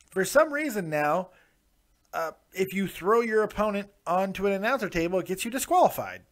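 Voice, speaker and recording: A man hosting a wrestling review show, giving opinions in casual, chatty commentary with frequent restarts. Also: a little high.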